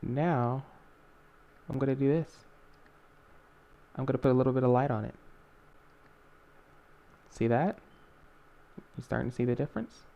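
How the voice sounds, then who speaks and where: A man's voice: medium pitch, measured pace, gravelly, pauses often, highs cut off. A young man hosting a casual screen-recorded art tutorial, talking in a rambling way with many fillers and self-corrections.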